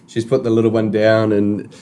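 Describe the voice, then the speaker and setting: A man hosts a laid-back podcast conversation. His voice sits fairly low, and he swears freely in an easygoing way. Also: monotone, moderate pace, mellow, clean tone. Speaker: podcast host. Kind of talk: casual chat.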